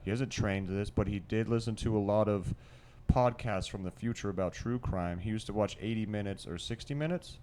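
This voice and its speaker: A man's voice: fairly low pitch, fairly quick, darkish tone, slight background noise. A man co-hosting a podcast in a studio, brainstorming in a rambling, profane way, full of restarts and swearing. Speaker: podcast co-host. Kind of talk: casual brainstorming chat.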